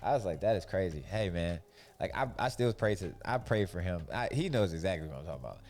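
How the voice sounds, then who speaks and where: Low-voiced man, casual storytelling. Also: fast talker. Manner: loose, animated storytelling with acted-out quotes. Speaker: podcast host. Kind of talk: casual faith-based monologue.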